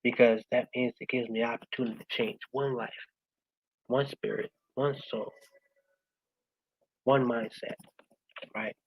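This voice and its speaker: Passionate woman giving a motivational talk, keeps going "right?", gets loud then soft. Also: steady tone, a little slow, pauses often, slightly rough, muffled recording. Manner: passionate, repeats "right?" after most points; swings between loud urging and soft, low-key closing. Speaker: guest speaker.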